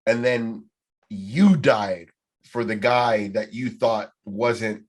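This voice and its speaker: A man's voice: fairly low pitch, slow, breathy edge. A man hosting a casual podcast trivia night, rambling and swearing freely as he talks. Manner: rambling, heavy swearing, loose and profane. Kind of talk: casual group chat.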